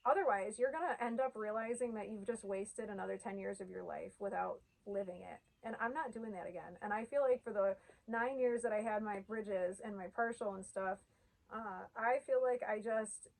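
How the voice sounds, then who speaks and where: A woman's voice: mid-range voice, a little mellow, low-quality recording. A woman in her thirties talking to camera in a heartfelt, earnest way, peppering her speech with "like" and at times tearful. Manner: earnest, heartfelt, uses "like" often. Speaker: vlogger sharing her denture journey. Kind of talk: emotional casual talk to camera.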